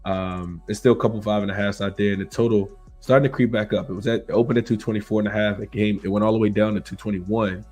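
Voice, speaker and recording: A man's voice: on the low side, steady tone, fast talker, few pauses, a little mellow, faint music behind. A man hosting a sports betting show in casual chat, congested from illness, rambling with many fillers and restarts.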